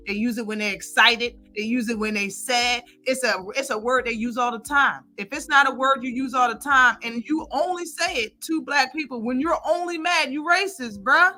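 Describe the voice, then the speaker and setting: A woman's voice: a little high, normal speed, hardly any pauses, bright, forceful tone, faint music behind. A woman hosting a live stream, giving heated, blunt and profane commentary.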